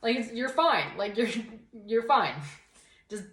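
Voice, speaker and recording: A woman's voice: a little high, very animated, a little slow, fairly bright tone. A young woman co-hosting a casual podcast, ranting in a worked-up, sarcastic way with lots of "like". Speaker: podcast co-host. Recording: roomy echo.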